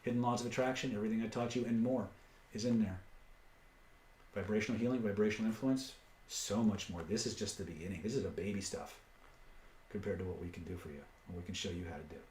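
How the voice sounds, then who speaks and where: A man hosting a live webinar, pitching course packages, reading out prices and answering chat questions with blunt asides. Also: fast talker, darkish tone, echoey room, a little hiss or hum. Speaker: webinar host and seller.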